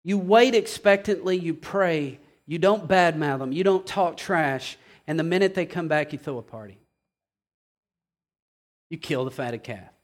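Man preaching, high voice, fiery, drops to a hush then builds back up. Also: expressive, a little slow. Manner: impassioned, swings from hushed to loud. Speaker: pastor. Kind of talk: sermon.

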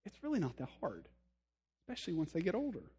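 A man's voice: sits high, wildly swooping pitch, fast, dark tone, slightly rough. A male pastor giving a sermon in a conversational, earnest way, speaking straight to his listeners and poking fun at himself. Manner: conversational, self-deprecating humor; addresses listeners directly, earnest.

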